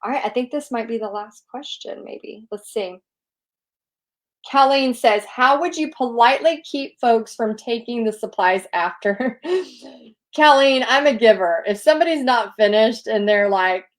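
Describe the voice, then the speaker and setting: A middle-aged woman hosts a relaxed live Q&A and reads viewer comments aloud. Her voice sits somewhat high, and she gushes warmly and effusively over each one. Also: measured pace. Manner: bubbly, gushing, effusive. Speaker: host reading viewer questions. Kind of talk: casual live Q&A.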